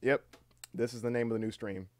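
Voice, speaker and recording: A man's voice: on the low side, fairly even intonation, mellow, no room sound. Rambling guy on a live stream. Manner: rambling, swears casually, reads aloud haltingly with fillers. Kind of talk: casual livestream chat.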